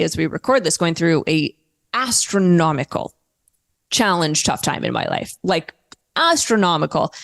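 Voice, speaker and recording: A woman speaking as a podcast guest, candid and lively, slipping in a casual swear now and then. Her voice sits a little low for a woman. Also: creaky. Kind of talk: casual interview talk.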